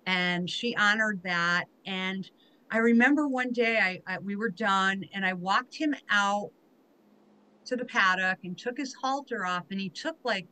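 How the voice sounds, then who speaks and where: A woman's voice: mid-range voice, unhurried, pushed and bright, rough recording. A woman hosting a podcast interview, sharing heartfelt, emotional stories in a conversational way. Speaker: podcast host.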